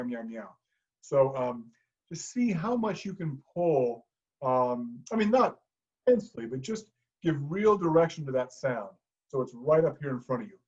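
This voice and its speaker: A man leading a choir through vocal warm-ups, coaching in a calm, encouraging way. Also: on the high side, highs cut off. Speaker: choir director.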